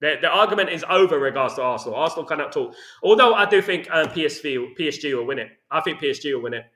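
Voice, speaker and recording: A man's voice: a little high, lively intonation, fast talker, sharp tone. A man hosting a casual football fan chat, reading out comments and ranting with lots of "you know what I mean". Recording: echoey room.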